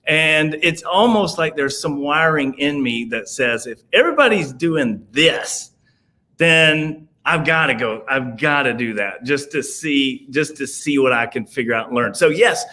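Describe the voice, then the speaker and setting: Rambling southern man, slightly high voice. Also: expressive, measured pace, sharp tone. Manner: rambling, many fillers and restarts. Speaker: podcast guest. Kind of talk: casual conversation.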